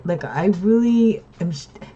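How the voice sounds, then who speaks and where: A tired vlogger vents to her camera at home in a lowish, warm voice, animated but unhurried. She rambles wearily, restarts often and keeps asking "right?" The recording is dull and lo-fi with a little hiss or hum.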